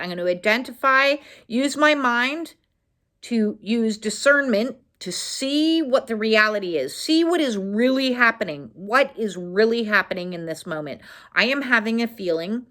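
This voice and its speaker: A woman's voice: fairly high pitch, expressive, normal speed, a bit bright. Earnest woman coaching on emotional healing. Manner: earnest and coaching, checks in with "okay?"; talks through inner dialogue, frequent "uh" fillers. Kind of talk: casual self-help teaching monologue.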